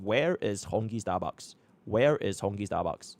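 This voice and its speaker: A man's voice: on the low side, animated, quick pace, a little mellow, dry recording. A young man from Singapore streaming live, chatting casually and muttering to himself as he works through menus. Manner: chatty, repeats filler phrases, mutters to himself.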